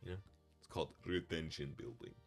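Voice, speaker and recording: A young man co-hosting a casual Bible discussion podcast, goofy and rambling, with a deadpan joking manner and a mock Russian accent. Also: extremely low pitch, a little fast, faint music behind. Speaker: podcast co-host.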